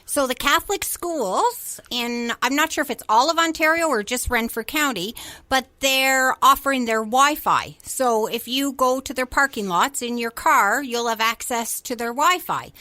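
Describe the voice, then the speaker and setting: A woman's voice: sits high, normal speed, dry recording. A middle-aged woman co-hosting a casual chat, often chiming in with agreement. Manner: warmly agreeing, frequent affirmations. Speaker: co-host.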